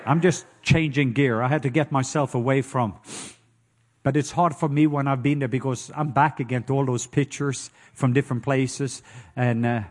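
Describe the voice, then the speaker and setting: A middle-aged man with a Norwegian accent preaching a sermon, telling stories with lively call-and-response and acting out sounds with loud hoots and croaks. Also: mid-range voice, moderate pace. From Norway. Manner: animated storytelling with call-and-response.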